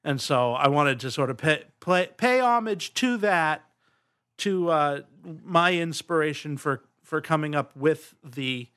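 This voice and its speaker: Slow-talking bright-voiced podcast host. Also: male voice, on the high side, animated, smooth. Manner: rambling, chuckling, easygoing. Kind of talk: casual podcast chat.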